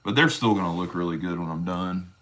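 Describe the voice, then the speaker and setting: A man with a lowish voice and a drawl, talking through his leather work on a live stream. He rambles along, folksy and easygoing, and calls his viewers brother as he goes. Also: a little fast, a bit bright. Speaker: leatherworking livestream host. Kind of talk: casual livestream chat while crafting.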